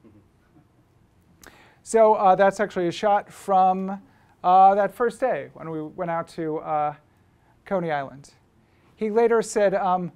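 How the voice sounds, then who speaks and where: A man's voice: high-pitched, slow pace, long pauses, darkish tone, clear, resonant tone. Man telling stories at a lecture. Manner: conversational storytelling with frequent fillers and restarts. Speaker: photographer and book publisher giving a talk. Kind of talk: anecdotal lecture to students. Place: school lecture room.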